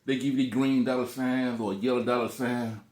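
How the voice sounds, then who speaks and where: A man's voice: medium pitch, steady tone, moderate pace, a little mellow, echoey room. A man eating on camera in a casual vlog, talking loosely with lots of cussing and joking between bites. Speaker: food vlogger.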